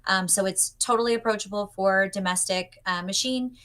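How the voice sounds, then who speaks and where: A woman's voice: mid-range voice, normal speed, a bit bright. Upbeat young woman, guest designer on a video call, chatty teaching tone. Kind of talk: demonstrating a pattern on a livestream.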